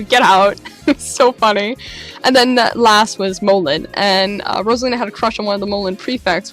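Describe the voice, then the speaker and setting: A woman vlogger dramatically retelling a live-action role-play adventure, casual and expressive. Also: medium pitch. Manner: animated, dramatic retelling with laughs. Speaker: LARP vlogger. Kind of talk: casual storytelling.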